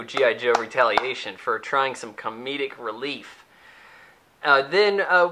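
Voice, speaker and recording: A man's voice: a little high, bright, forceful tone. A young man giving a casual, sarcastic, rambling movie review, acting out the characters' lines as he goes.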